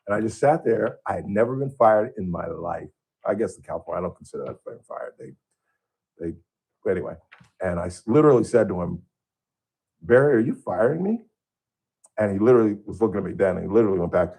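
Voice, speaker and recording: A radio host with a husky, slightly breathy voice tells a story from his career in a loose, conversational way. He acts out his own past outbursts, and his pitch jumps high when he does. He sounds like he is speaking in a studio. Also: animated, quick pace, a little mellow. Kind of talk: casual storytelling monologue.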